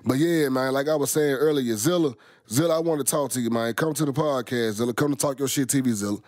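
A man's voice: medium pitch, fast talker, darkish tone, dry recording, clean studio sound. A middle-aged man, rambling casually to his viewers, full of slang and swearing. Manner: profane, rambling, heavy slang. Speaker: vlogger.

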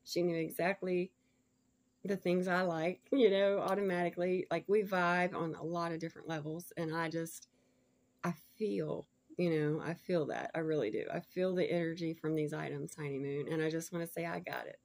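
A woman chatting casually to viewers as she unboxes a gift package, gushing and laughing often, sometimes dropping to soft murmurs. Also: fairly low pitch, steady tone, moderate pace. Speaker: vlogger showing a gift package.

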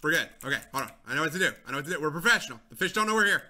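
A young man giving excitable let's-play commentary, talking to viewers, repeating himself and yelling when things go wrong. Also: a little high, very fast. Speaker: gaming channel host.

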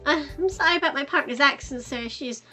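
A woman's voice: high-pitched, a little fast, pushed and bright, soft background music. Woman playing a flustered, skeptical young lady cop. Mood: excitable. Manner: doubtful, easily flustered.

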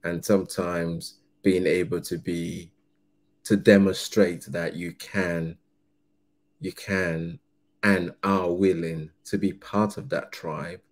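A man's voice: low voice, little pitch movement, slow pace. A man hosting a reaction video, giving earnest, musing commentary with frequent restarts.

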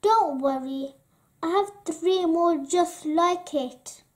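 A woman reading aloud, voicing a kind, generous young princess in a gentle, reassuring way. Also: very high voice, takes it slowly, voice pushed up.

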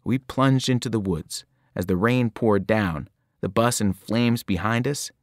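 A man reading a novel aloud to students, telling the story in a lively way and breaking into sudden voiced cries. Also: on the low side, a little slow, no room sound, studio quality. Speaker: reader.

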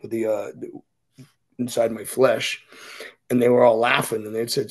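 A man's voice: mid-range voice, flat delivery, moderate pace, long pauses, poor audio. A middle-aged man, speaking as a podcast guest and telling his story bluntly and profanely. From Boston. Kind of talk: candid storytelling interview.

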